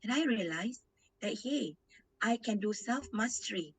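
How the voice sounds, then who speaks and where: Lively Malaysian woman giving a lecture. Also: on the high side, measured pace, slightly rough, poor audio. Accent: Malaysian English. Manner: lively, switches between English and Malay; repeats words while searching for them. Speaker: guest lecturer.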